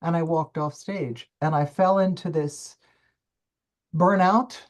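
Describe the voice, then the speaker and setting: Expressive older woman telling her story. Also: lowish voice, takes it slowly. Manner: expressive, emphatic storyteller with dramatic quoted self-talk. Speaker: summit guest speaker, coach. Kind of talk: personal storytelling interview.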